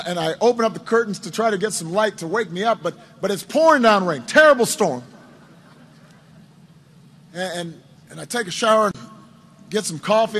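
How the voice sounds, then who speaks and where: High-pitched man telling a campaign story. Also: a bit bright. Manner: storytelling with many self-repetitions and wry asides. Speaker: politician addressing supporters. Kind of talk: anecdotal campaign speech. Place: indoors at a campaign office.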